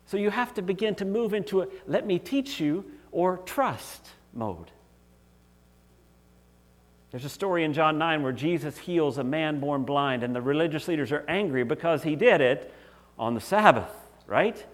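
Earnest preaching man, slightly high voice. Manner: earnest, conversational preaching with frequent restarts and dramatic quoted voices. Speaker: pastor. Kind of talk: sermon.

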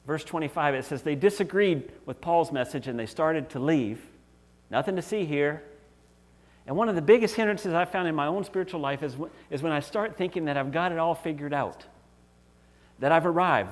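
A man's voice: fairly high pitch, moderate pace. A middle-aged male pastor preaching a sermon in an earnest, conversational way, often acting out quoted voices.

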